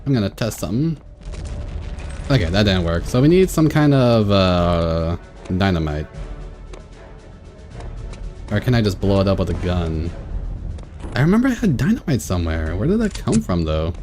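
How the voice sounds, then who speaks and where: A man's voice: low voice, sing-song, normal speed, long pauses, darkish tone, soft background music. A man casually commentating his own game playthrough, thinking aloud and laughing often. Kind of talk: casual let's-play commentary.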